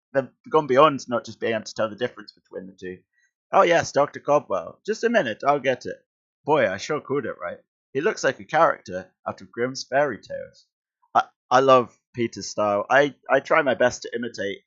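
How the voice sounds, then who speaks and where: A chatty male streamer reads a comic aloud and keeps stopping for amused asides, talking in a mid-pitched voice. The audio is slightly dull and muffled. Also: gravelly, fairly bright tone. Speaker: streamer and schoolteacher. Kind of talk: casual comic read-along commentary.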